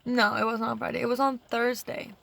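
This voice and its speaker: A young woman with a slightly high voice talks casually to her camera. She rambles through her stories, swearing constantly and retelling events with lively energy. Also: brisk, gravelly. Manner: profane, rambling, animated retelling. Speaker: vlogger.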